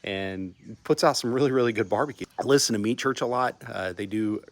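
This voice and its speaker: A man's voice: mid-range voice, brisk, no room sound. A middle-aged man from Texas hosting a casual barbecue vlog from home, rambling and restarting his sentences often. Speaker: channel host.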